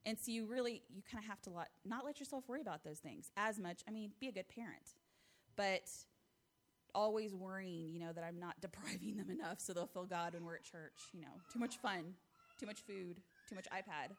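A woman's voice: mid-range voice, fairly quick. American woman, thirties, sharing a heartfelt church testimony. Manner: earnest, heartfelt storytelling with light laughs. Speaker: church member giving testimony. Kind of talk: testimony talk to a congregation.

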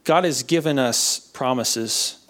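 A young man giving an earnest personal faith testimony, halting and often repeating his words. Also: mid-range voice, a bit bright. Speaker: speaker sharing a testimony.

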